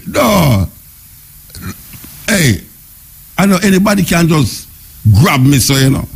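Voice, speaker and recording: Gravelly Jamaican man, excited radio chat. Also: fairly high pitch, slow pace, long pauses. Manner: excited, laughing, patois chatter. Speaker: radio host. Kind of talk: casual radio talk. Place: radio studio.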